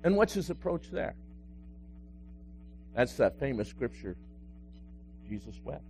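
A man, a pastor, preaching a sermon that swings between loud emphasis and hushed, quiet moments. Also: medium pitch, sing-song, slow, slight background noise.

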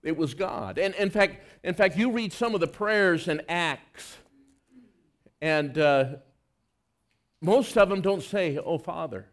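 High-voiced, earnest male preacher. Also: animated, slow, long pauses. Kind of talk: sermon.

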